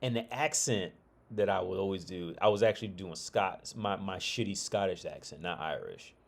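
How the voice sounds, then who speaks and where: A middle-aged man from Ohio talks in a deep, low voice. He chats loosely on a casual livestream, swearing freely and often restarting sentences. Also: moderate pace, creaky. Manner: rambling, profane, loose restarts. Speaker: streamer.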